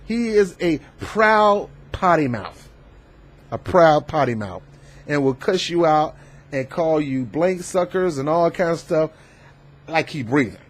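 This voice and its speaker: A man hosting a political commentary vlog, talking in an emphatic, animated and preachy way. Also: on the high side, unhurried. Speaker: host.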